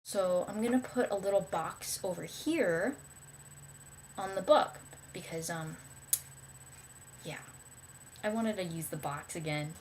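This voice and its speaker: A woman's voice: lowish voice, slow pace, long pauses, a little hiss or hum. A young woman talking casually to camera about books she liked, rambling and enthusiastic, with many fillers and restarts. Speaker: vlogger.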